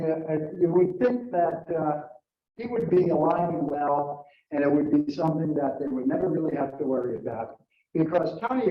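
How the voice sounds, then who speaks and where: An older retired man telling a story to a club audience, halting, with many fillers and restarts. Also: fairly high pitch, mellow. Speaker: club speaker. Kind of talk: storytelling speech. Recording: dull, roomy, from a distance.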